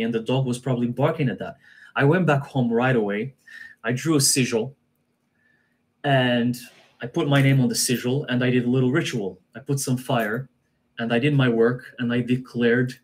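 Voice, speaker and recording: A man appearing as a guest on a live stream shares a personal story earnestly, frequently repeating himself and starting sentences over. His voice has a medium pitch.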